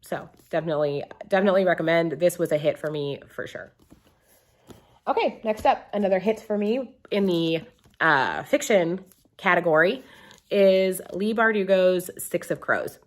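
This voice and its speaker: A woman's voice: fairly low pitch, moderate pace. A young woman reviewing books in a casual, rambling vlog, full of ums and restarts. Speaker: book reviewer.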